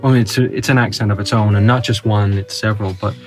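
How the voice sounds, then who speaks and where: A man from Northern Ireland with a Northern Irish accent, hosting a relaxed podcast chat and asking his guest questions. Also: lowish voice, fast, soft background music. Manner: chatty, agreeable, asks questions. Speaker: podcast host. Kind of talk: casual conversation.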